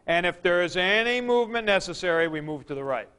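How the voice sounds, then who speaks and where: Brisk and with few pauses, a man's high, smooth voice sounds bright and forceful as he lectures on grammar. His plain-spoken, step-by-step explanations lean on folksy comparisons, and he checks in with the class often.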